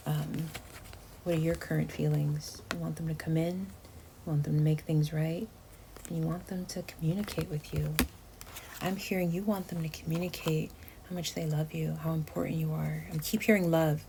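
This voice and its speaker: A woman's voice: sits low, moderate pace, vocal fry, long pauses. A woman giving a casual tarot reading to her viewers, chatty and emotive, often dropping to a near whisper. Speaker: tarot reader. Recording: steady background noise.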